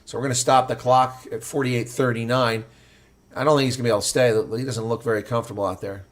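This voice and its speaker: A man giving live reaction play-by-play commentary, excitable and blunt, his voice climbing sharply during big plays. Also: medium pitch, fast. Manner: blunt and opinionated.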